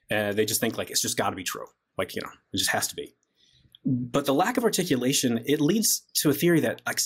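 A guest philosopher explains an argument in an easygoing, conversational way, often dropping in "like" as he reasons. His voice is medium-pitched and husky.

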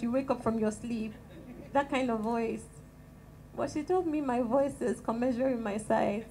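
Nigerian woman with a small soft voice. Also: fairly high pitch, moderate pace, a little hiss or hum, rough recording. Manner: calm and gentle, chatty with light laughs. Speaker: guest speaker at a women's church fellowship. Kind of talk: prayer and talk to a church gathering. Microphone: handheld microphone.

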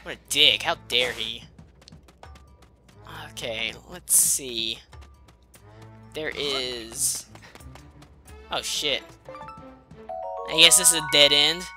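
A woman's voice: extremely low pitch, extremely slow, pauses often, sharp tone, faint music behind. Swearing woman narrating a game. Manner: profane, sarcastic, muttering. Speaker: let's play host. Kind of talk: casual gameplay commentary.

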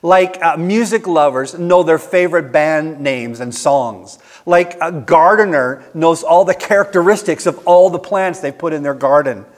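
High-voiced preaching man in an echoing church. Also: moderate pace, few pauses. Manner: earnest, emphatic preaching with rhetorical questions. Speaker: pastor. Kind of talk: sermon. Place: church sanctuary.

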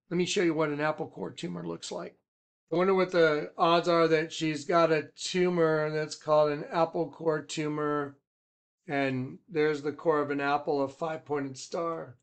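A man who leads a ministry, telling a rambling personal story with emphatic swings from loud to hushed. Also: a little high. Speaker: ministry leader.

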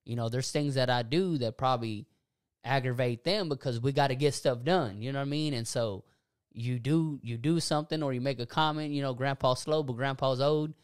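A young man talking casually about faith and self-forgiveness on a podcast, animated and preachy, laughing often. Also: medium pitch, a little fast, clear, resonant tone, dry recording, clean studio sound. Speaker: podcast co-host.

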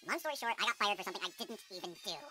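A man doing a whiny dead party guy, bright voice, sped-up game audio with music under it. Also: high-pitched, lively intonation, exaggerated voice. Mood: sulky. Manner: sulky, complaining. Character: mopey male party guest who was killed. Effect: sped up, fast.

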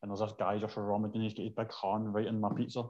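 A man with an Ayrshire Scottish accent, a former Muay Thai champion, appears as a podcast guest in a casual chat, telling joking anecdotes. He speaks fast in a fairly low, warm voice with a completely flat delivery, and the audio is dull.

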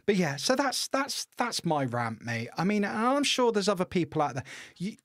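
A middle-aged man co-hosting a podcast, telling stories in an animated, swearing rant with lots of restarts. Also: high-pitched, moderate pace, no room sound, studio quality. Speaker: podcast co-host. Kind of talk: casual ranting chat.

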